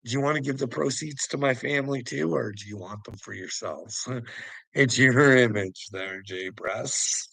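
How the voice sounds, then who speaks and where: A man's voice: medium pitch, unhurried, vocal fry, fairly bright tone, slightly rough, no room sound, low-quality recording. A man rambling to viewers, laughing constantly, swearing and taunting someone.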